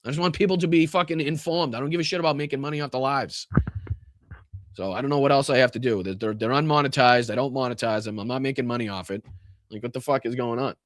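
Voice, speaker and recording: A man hosting a live political podcast, ranting angrily and swearing, swinging between loud outbursts and low muttering, with a Boston accent. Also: fast, dry recording, clean studio sound. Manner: profane, exasperated, swings from shouting to muttering. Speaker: podcast host. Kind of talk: angry livestream rant.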